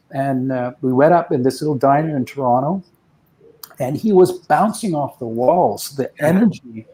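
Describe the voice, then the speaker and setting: A man in his sixties, a guest musician telling rambling, reflective anecdotes with soft chuckles in a casual interview. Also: medium pitch, a little fast, low-quality recording.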